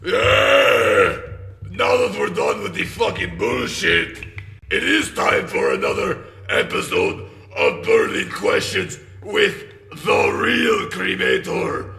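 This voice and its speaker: A man voicing a crude masked ghoul metal singer who hosts a call-in segment, shouting profanity in a mock-menacing way. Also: huge pitch swings, takes it slowly, echoey room, slight background noise, full character voice. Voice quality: gravelly, shrill. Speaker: host of a call-in question segment.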